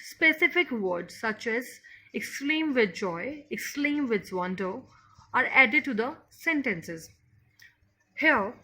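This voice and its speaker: A woman's voice: on the high side, a bit bright, rough recording. A woman with an Indian English accent teaching a grammar lesson, addressing her students directly and explaining each example step by step. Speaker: school teacher.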